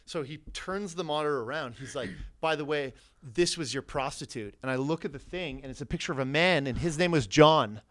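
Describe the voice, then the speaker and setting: Bright-voiced, profane Canadian man. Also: fairly high pitch, fairly quick. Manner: animated, profane, laughs through his story. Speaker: podcast guest. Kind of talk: casual storytelling.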